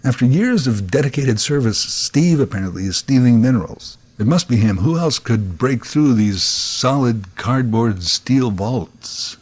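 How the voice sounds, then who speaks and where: Husky wry man telling a story. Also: mid-range voice, animated, a little slow, hardly any pauses, a little mellow. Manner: wry, sarcastic storytelling with sound effects. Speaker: podcast host. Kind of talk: scripted comic monologue.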